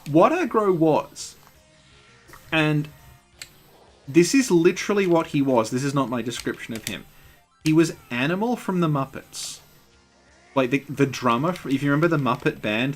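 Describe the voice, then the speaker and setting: A man hosting a game stream who chats casually and tells rambling, wry stories. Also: mid-range voice.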